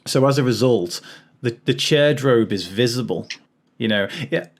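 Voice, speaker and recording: A man's voice: mid-range voice, moderate pace. Chatty man, podcast host. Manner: chatty, laughs often, many restarts. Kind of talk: casual chat.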